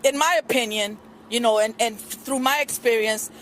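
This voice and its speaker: A middle-aged woman speaks at an outdoor press conference, her voice high and earnest. She rambles through her account with many ums and restarts. Faint street and traffic noise sits behind the news camera recording. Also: moderate pace, a bit bright.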